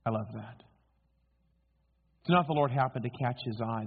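A man's voice: mid-range voice, normal speed, vocal fry, long pauses, breathy edge. A male preacher giving a sermon, telling the story dramatically and posing rhetorical questions to his listeners. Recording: tinny phone-like sound.

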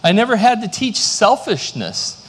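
A man's voice: high voice, big pitch swings, unhurried, fairly bright tone, husky. Man preaching a sermon in a reverberant hall. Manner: storytelling with self-deprecating humor. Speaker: pastor.

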